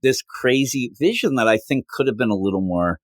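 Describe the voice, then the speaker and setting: A man co-hosting a comics podcast in casual chat, rambling and acting out characters' lines with sudden jumps in pitch. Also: lively intonation, fairly quick, no echo, studio quality. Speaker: podcast co-host.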